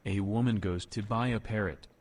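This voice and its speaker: A man reading out a joke in a flat, even way, his voice sitting fairly low. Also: moderate pace, recorded from a distance, very noisy.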